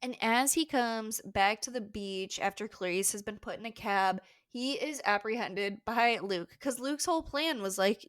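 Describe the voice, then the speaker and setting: A woman's voice: medium pitch, measured pace, few pauses, fairly bright tone, no echo. Wry woman podcaster, dry close sound. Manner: frank, wry asides. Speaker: podcast co-host. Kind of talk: casual book recap chat.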